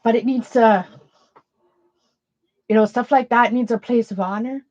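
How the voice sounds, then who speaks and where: A woman's voice: a little high, fairly even intonation, a little slow, darkish tone, no room sound, dull audio. Rambling woman chatting on an art stream. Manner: rambling, self-questioning, many restarts. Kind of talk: casual livestream chat. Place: home art room with shelves.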